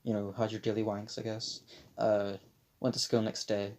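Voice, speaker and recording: A man's voice: on the low side, completely flat delivery, moderate pace, darkish tone. A young man in his late teens telling a crude childhood story on a podcast, rambling and swearing, his voice sometimes cracking. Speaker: podcast co-host. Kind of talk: casual storytelling chat.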